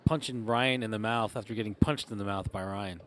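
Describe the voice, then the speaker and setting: A man's voice: lowish voice, fairly quick, background noise. A man giving color commentary on a table soccer match, chatty and musing, with easy laughs. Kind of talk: live sports commentary.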